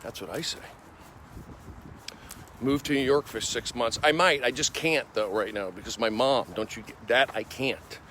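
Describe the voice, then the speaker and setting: A male comedian livestreaming on his phone while walking city streets, rambling excitably with repetitive bursts of loud emphasis. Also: medium pitch, normal speed, a little hiss or hum. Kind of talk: rambling walk-and-talk livestream.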